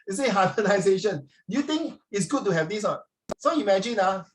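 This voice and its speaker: A man with a Singaporean accent teaching a social studies class, animated and jokey, slipping into Mandarin and mimicking Singlish phrases. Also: high-pitched, fast talker. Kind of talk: classroom lesson.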